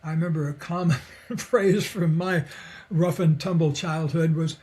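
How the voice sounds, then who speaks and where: An older man talks in an easy, reflective way, a guest on a podcast telling stories from his life and work. His voice sits a little high for a man, and he chuckles often and slips into the voices of the people he quotes. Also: steady tone, measured pace, a little mellow. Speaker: podcast guest, psychologist and author. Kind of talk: relaxed conversational storytelling.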